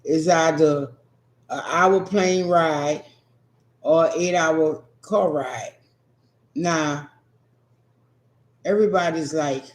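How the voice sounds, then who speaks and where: Slow-drawling New man, echoey room. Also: fairly high pitch. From New Orleans. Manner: profane, teasing, laid-back drawl. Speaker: streamer answering chat. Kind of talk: casual livestream chat.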